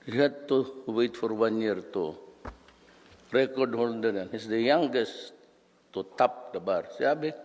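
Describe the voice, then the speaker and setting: A man's voice: fairly low pitch, a little mellow. A man in his seventies with a Filipino accent, telling rambling anecdotes and acting out voices, heard with a long hall reverb. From Philippines. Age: 70s. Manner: code-switching storyteller, acts out voices.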